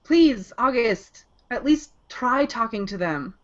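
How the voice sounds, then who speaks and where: An earnest young mage pleading urgently with an elder, as a woman voices her for a fan read-along. Her voice is fairly high and lively. The audio is dull and lo-fi. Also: slow. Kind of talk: amateur manga read-along dub.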